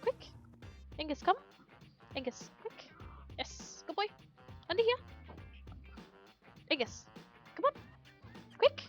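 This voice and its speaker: A woman's voice: very high-pitched, big pitch swings, takes it slowly, long pauses, muffled recording, soft background music. A woman livestreaming a game. She chats casually, laughs often and talks to her dogs. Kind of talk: casual chat while playing a game.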